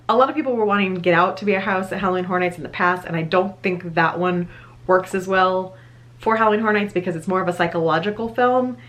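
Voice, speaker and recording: A woman's voice: lowish voice, fairly bright tone. A woman in her thirties chatting enthusiastically to her viewers as a vlogger, laughing now and then. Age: 30s. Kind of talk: casual chat to camera.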